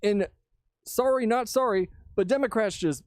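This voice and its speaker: A man's voice: sits high, normal speed, no echo, clean studio sound. A young Texan man giving a heated, profane political rant to his camera. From Texas. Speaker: vlogger.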